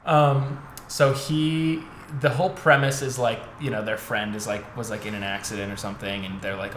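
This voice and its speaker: A man's voice: fairly low pitch, little pitch movement, fast talker, hardly any pauses. Co-host, young man, loose rambling delivery, swears freely, roomy echo with faint hiss. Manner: rambling, heavy filler words, swears casually. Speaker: podcast co-host. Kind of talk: casual chat. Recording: echoey room with faint noise.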